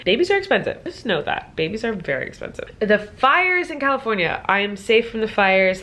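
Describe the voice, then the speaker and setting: Young woman vlogger, casual chatty delivery, mid pitch, lots of "like"; home office. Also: a bit bright. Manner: chatty, filler-heavy with lots of "like". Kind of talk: casual vlog chat.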